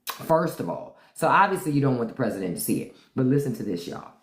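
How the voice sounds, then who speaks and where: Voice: medium pitch, sing-song, fast talker, a little hiss or hum. Blunt, profane livestream host. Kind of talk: unscripted live-stream commentary. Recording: roomy echo.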